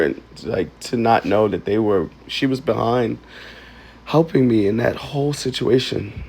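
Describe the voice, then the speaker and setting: A man telling a painful personal story, halting and emotional, close to tears. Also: medium pitch, creaky, a little mellow, breathy edge. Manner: emotional, halting, with many ums and likes. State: tearful. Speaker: vlogger.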